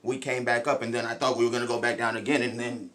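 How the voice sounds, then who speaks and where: A man's voice: mid-range voice, little pitch movement, fast, a bit bright. A young adult man chatting casually, joking and cutting in to defend himself. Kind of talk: casual chat.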